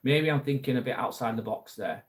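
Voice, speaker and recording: Man, casual live chat, blunt, swears a lot, mid-pitched voice. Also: fairly quick. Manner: chatty, blunt, swears freely. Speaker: livestream host reading viewer chat.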